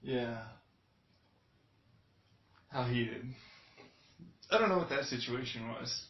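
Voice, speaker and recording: Foul-mouthed man, slow and echoey. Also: medium pitch. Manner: profane, rambling, flares into shouting anger. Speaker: video journal host. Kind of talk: casual reaction commentary. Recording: dull lo-fi sound in an echoey room.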